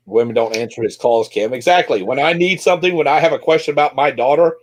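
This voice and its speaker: A man's voice: mid-range voice, quick pace. A man in a middle register hosts a loose online chat, spinning jokey stories about family life. He acts out the voices of the people he quotes, with plenty of teasing asides. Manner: joking storyteller who acts out quoted voices. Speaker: host of a group chat show. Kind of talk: casual group chat.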